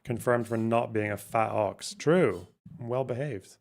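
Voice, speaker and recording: Man, stream host, casual chat, swears a lot, thinks out loud. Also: mid-range voice, a little slow. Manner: swearing, incredulous, thinks aloud with restarts. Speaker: livestream host. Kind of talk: casual chat reacting to chat and clips.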